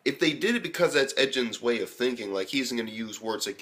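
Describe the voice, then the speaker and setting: A man's voice: medium pitch, quick pace, few pauses. A young man giving a casual, rambling anime episode review, swearing often and switching from hyped to unsure. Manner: profane, rambling, excitable, lots of fillers.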